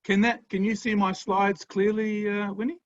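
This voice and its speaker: An Australian man with a somewhat high voice gives an enthusiastic university lecture over a video call. He sounds friendly and chuckles now and then. The sound is dry and slightly dull. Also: level tone, normal speed, no room sound. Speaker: guest lecturer.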